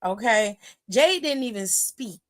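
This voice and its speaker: A woman host giving a sassy, gossipy recap of a wrestling show in casual chat, retelling it with lively energy. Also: a little high, measured pace. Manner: sassy, gossipy, exclaims "child" often; animated retelling with lively quoted voices. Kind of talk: casual chatty commentary.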